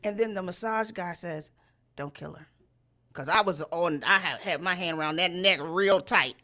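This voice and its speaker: A woman telling a story in casual chat, animated and profane, and she jumps into loud high voices when she quotes people. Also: moderate pace. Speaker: storyteller host.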